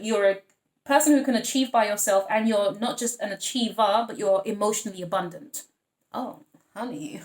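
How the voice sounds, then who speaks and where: A woman's voice: medium pitch, roomy sound. A woman giving a casual tarot reading, chatty and blunt, swearing freely as she talks to her viewers. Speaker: tarot reader.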